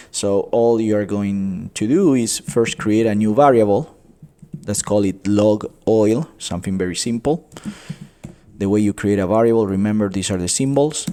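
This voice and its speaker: A man teaching a coding tutorial, explaining step by step, often calling viewers "guys" and pausing with fillers. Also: fairly low pitch, mellow. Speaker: economics tutor. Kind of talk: screen-recorded coding tutorial.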